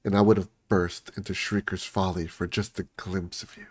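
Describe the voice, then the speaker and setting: A man's voice: sits low, little pitch movement, moderate pace, no room sound. A man reading as a rugged, tattooed gang leader, lovesick and yearning.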